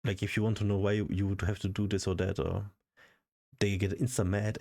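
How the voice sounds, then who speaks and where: A man's voice: fairly low pitch, flat delivery, a little fast, gravelly, darkish tone. A man vlogging in a casual, frustrated rant full of swearing. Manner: frustrated, profane ranting. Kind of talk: casual ranting vlog.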